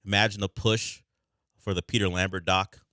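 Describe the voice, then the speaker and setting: A man's voice: sits low, little pitch movement, normal speed, pushed and bright, no room sound. Man, sports radio host, casual rambling talk, dry studio sound. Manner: conversational, rambling with restarts.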